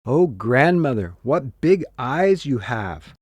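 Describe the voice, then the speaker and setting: A man's voice: medium pitch, big pitch swings, slow, husky, no room sound, heavily acted. A man voicing an innocent young girl in a red hood for a storybook reading.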